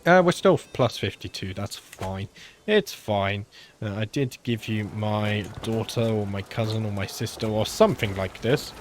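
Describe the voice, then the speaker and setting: A man's voice: on the low side, moderate pace, slight background noise. A man with a British accent giving casual let's-play commentary on a strategy game, musing aloud with frequent filler sounds and sounding slightly under the weather. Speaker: gaming channel host.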